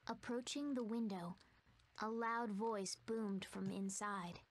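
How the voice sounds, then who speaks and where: A woman narrating a video game in a soft, hushed, fearful storytelling manner, voicing a timid young female narrator. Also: mid-range voice, takes it slowly.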